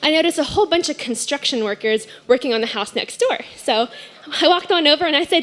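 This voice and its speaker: Woman, live storyteller, high-pitched, chatty, laughing, acting out quotes. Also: fast, a bit bright. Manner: chatty, laughing often, acts out quoted voices. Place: stage at a story slam event.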